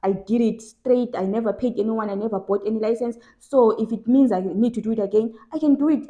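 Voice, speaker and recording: A woman's voice: medium pitch, mellow. A young woman from South Africa giving casual advice in a vlog, emphatic and repeating phrases for stress. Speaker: vlogger.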